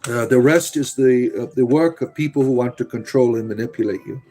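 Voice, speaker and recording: A man in casual live chat who turns emphatic and preachy, his speech dotted with "uh" fillers. He talks in a theatrical, storyteller-like accent of his own making, at an everyday pitch. Faint music plays behind him. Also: fairly quick, mellow, rough recording. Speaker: livestream host answering chat.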